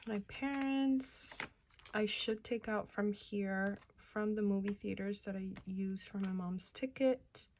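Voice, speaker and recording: Woman, thirties, unhurried, counts money aloud, noisy home recording. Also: medium pitch, darkish tone. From New Jersey, US. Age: 30s. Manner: slow, chatty, counts money aloud, muttering asides. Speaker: budgeting channel host. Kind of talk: casual chat while counting cash.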